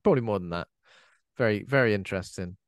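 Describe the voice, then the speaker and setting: A man's voice: fairly low pitch, quick pace, no echo, clean studio sound. A man with a British accent, co-hosting a horror film podcast in casual, jokey chat. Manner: chatty, playful, jokey voices. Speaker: podcast co-host.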